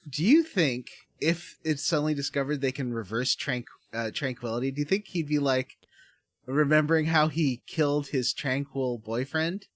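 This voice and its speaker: A man's voice: mid-range voice, moderate pace, no echo, clean studio sound. A man co-hosting a podcast, asking hesitant, playful questions in casual chat. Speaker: podcast co-host.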